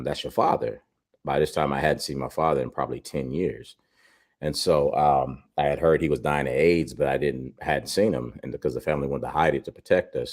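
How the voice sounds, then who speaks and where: A man in his forties, a guest father on a video call interview, telling a personal story in an earnest, reflective way with many pauses and fillers. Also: extremely low pitch, darkish tone.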